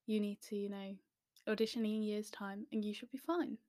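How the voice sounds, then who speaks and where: A young woman from the English Midlands telling a story to camera in a chatty, self-deprecating way, with quick asides. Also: mid-range voice, steady tone, a little mellow, no echo, studio quality. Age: young adult.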